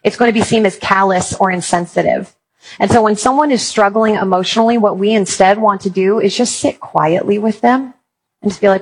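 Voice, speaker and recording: Woman speaker, husky mid voice, jokey storyteller acting out quotes. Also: mid-range voice, fairly quick, poor audio. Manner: humorous storytelling with acted quotes. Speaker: Christian speaker on apologetics. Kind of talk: conference talk.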